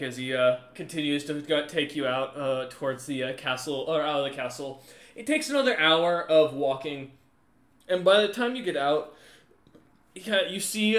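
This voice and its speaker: A man's voice: a little high, fairly bright tone, roomy sound. A man narrating a tabletop game as game master, loose and full of ums.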